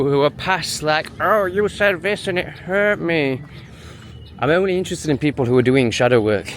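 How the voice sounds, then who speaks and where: A man's voice: on the high side, a little hiss or hum. A man talking in a walking vlog, dismissive and sneering, out on a busy street. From England. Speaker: vlogger.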